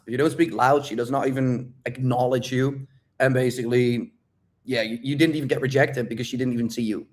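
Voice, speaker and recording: Loud and blunt, a medium-pitched man swears freely while giving dating advice during a live-stream Q&A, repeating his points with emphatic, drill-like stress.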